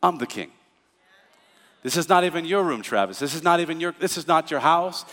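God speaking, voiced by a male pastor, firm, calm, fairly high voice, long hall echo. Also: fairly quick, close to an everyday voice.

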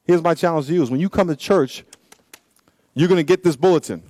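A man preaching a sermon in church as pastor, swinging between loud exhortation and low asides and repeating phrases for emphasis. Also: fast, no echo.

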